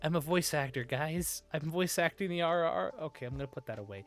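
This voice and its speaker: A man streaming live, chatting in a soft, breathy, put-on high "femboy" voice close to the mic, giggling and reading chat aloud. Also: animated, quick pace, soft background music.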